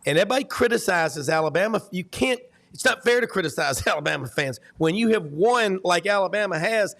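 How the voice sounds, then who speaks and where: Gravelly man talking sports. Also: sits high, brisk, few pauses. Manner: animated storyteller, many restarts. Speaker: co-host. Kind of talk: casual sports talk.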